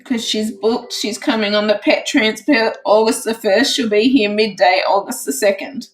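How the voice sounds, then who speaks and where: A woman hosting a casual crafts livestream, emotional and teary, repeating herself with excitement. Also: mid-range voice, normal speed, poor audio. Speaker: crafts channel host.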